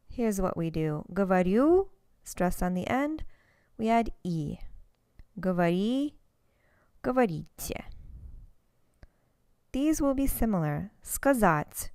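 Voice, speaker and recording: Woman teacher, unhurried, smooth clear voice, dry close sound, patient step-by-step explaining. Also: fairly high pitch, lively intonation, darkish tone, dry recording. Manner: clear, patient explaining, slow careful example words. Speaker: language teacher. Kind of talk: recorded lesson narration.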